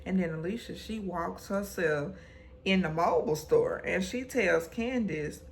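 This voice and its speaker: A woman, recapping a TV episode in casual, animated storytelling, acting out the characters' lines. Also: on the low side, a little slow, gravelly, slight background noise. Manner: animated storytelling, acts out quotes. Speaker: recap vlogger.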